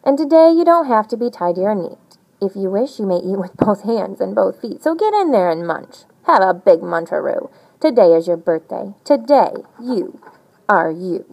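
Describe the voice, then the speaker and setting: A woman's voice: mid-range voice, sing-song, moderate pace, creaky, a little mellow, rough recording. A woman voicing an eager, bossy birthday bird that hurries a child along in a storybook reading. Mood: coaxing.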